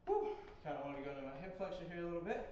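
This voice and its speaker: A man's voice: fairly high pitch, very fast, darkish tone. A man leading a workout who counts out holds and coaches while he exercises, and is a little out of breath. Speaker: fitness instructor. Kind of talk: guided workout instruction. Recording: echoey, distant, dull, faint noise.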